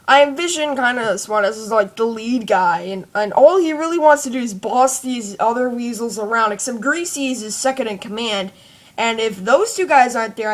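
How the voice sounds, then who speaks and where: A woman vlogger giving a rambling, casual fan commentary full of fillers. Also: a little high. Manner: rambling, chatty, many fillers.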